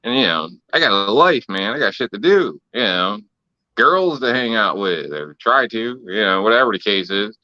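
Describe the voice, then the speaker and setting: A man's voice: on the low side, very animated, normal speed, pushed and bright, dry recording, lo-fi sound. A man co-hosting a casual podcast chat, ranting bluntly and swearing often. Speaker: podcast co-host.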